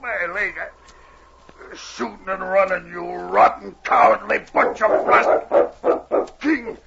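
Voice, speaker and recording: Big Bill, a gruff gravelly trapper. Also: male voice, sits high, takes it slowly, noisy background, exaggerated voice. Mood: furious. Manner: bellowing when angry, gentle with the dog. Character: big, gruff but shy male trapper. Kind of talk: 1940s radio acting. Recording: dull old radio broadcast.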